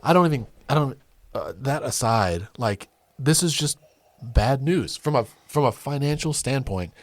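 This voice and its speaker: A man's voice: medium pitch, dry recording. A man co-hosting a casual political podcast, reacting with disbelief and making his points with everyday examples. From Oklahoma. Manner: incredulous, lively, quick to exclaim. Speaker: podcast co-host.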